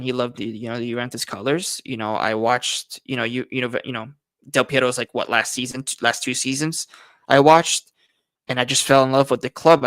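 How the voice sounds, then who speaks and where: Man, livestream host, casual chat, slangy, rambling, smooth clear voice, dry close sound. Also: medium pitch, fairly bright tone, no echo. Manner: slangy, rambling, heavy on "you know" and "bro". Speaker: fan channel host.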